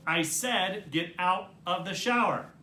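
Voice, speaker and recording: A man's voice: high-pitched, takes it slowly, bright, forceful tone, echoey room, heavily acted. A man voicing an impatient teenage girl, an older sister who nags and pleads through a door in a read-aloud story. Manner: nagging, pleading, persistent. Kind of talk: storybook reading.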